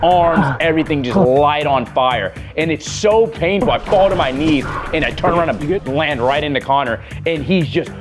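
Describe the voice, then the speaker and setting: A man in a mid-pitched voice tells his own adventure story as a voice-over, animated and vivid in his retelling. Faint music plays softly underneath. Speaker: wildlife adventurer.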